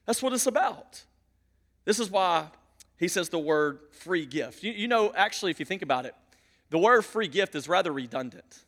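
A male pastor preaching a sermon in a church, emphatic and repetitive, dropping to a hush and then building loud. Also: high-pitched, animated, normal speed. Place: church sanctuary. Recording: long reverb of a large hall.

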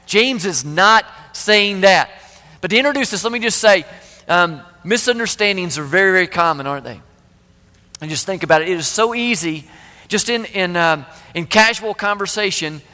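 A man's voice: high-pitched, sharp tone. A man preaching a conversational sermon as pastor, full of rhetorical questions and repeated words. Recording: long reverb of a large hall.

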